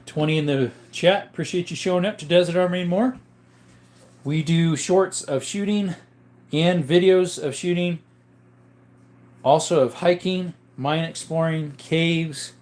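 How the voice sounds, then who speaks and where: A man's voice: a little high, a little slow, a little mellow. Upbeat young man hosting a live chat. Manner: chatty, greets viewers by name, upbeat. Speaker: livestream host reading chat.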